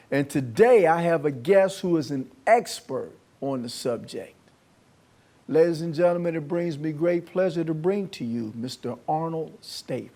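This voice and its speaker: Friendly male host, mellow voice. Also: a little high. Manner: friendly, encouraging, says man. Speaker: talk show host. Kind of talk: interview.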